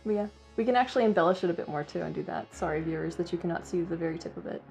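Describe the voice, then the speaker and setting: A woman's voice: fairly low pitch, vocal fry, a little mellow. Playful joking woman crafting. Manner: playful and jokey, quick asides. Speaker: co-host of a DIY prop-making channel. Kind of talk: casual chat while crafting. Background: background music.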